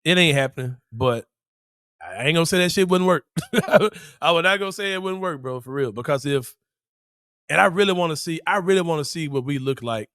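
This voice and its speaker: A man co-hosting a sports podcast in casual chat, slangy and quick to laugh. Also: medium pitch, fairly bright tone, no echo, studio quality. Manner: slangy, laughs often, says bro. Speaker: podcast co-host.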